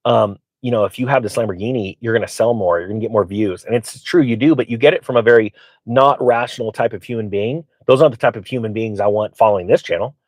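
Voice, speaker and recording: A man's voice: lowish voice, quick pace, dry recording. A middle-aged man hosting his channel, casually telling rambling stories and acting out quoted voices, with plenty of fillers. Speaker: channel host. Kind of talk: casual storytelling to viewers.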